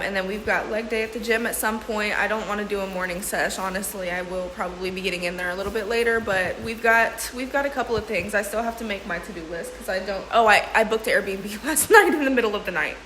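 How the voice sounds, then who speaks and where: A young woman vlogger chats casually with her audience in a mid-range, bright, forceful voice, with a little hiss or hum on the track. She's emotional and laughing through tears, full of slang, often calling people "bro" and "sis." The room is echoey with faint ambience.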